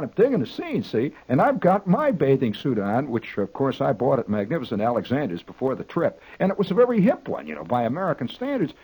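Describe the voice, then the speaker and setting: A man telling a rambling, exaggerated comic anecdote, halting with restarts and repeats. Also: a little high, husky, rough recording. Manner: animated, exaggerating storyteller.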